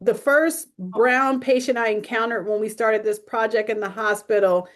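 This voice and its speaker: A social worker guesting on a video call for a webinar speaks at a moderate pace in a somewhat high voice. She tells lively stories with humor and frank realism, acting out the quotes.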